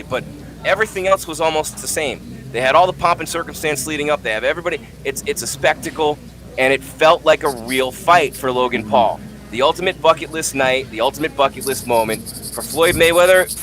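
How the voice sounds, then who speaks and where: A man hosting a combat sports talk show, talking in an animated, opinionated way and telling anecdotes. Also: on the high side, slight background noise. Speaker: host. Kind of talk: casual combat sports commentary.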